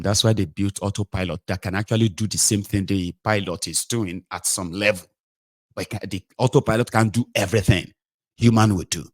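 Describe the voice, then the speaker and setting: A man's voice: on the low side, dry recording, clean studio sound. A Nigerian man giving mocking political commentary, switching between a plain talking voice and mocking voices for quotes. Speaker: commentary host.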